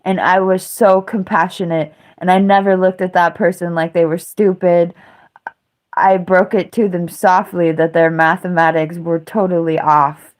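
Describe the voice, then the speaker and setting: A woman's voice: lowish voice, little pitch movement, moderate pace. A woman in her thirties livestreaming a casual monologue, rambling through a story with a self-mocking tone. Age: 30s. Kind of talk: casual live-stream monologue.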